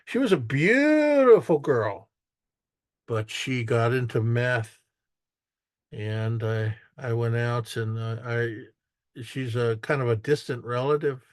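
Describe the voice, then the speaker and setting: A man's voice: medium pitch, expressive, slow pace, dry recording, studio quality. A man giving a casual artist talk as a photographer, telling stories about his photos in a rambling way, with restarts and acted-out quotes. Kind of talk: casual storytelling while showing photos.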